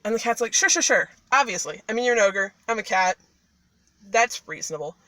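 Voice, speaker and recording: A wheedling talking tomcat, played by a woman who butters up his target in loose, slangy chatter, and his voice sits a touch high. The sound is dry and close, with no room around it. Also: brisk, no room sound. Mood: sly flattering. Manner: flattering, wheedling, casual slang. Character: sly smooth-talking male cat.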